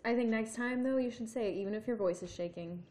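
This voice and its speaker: A woman's voice: a little high, fast, mellow. A young woman from Arkansas co-hosting a casual chat, rambling and laughing often. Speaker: podcast co-host.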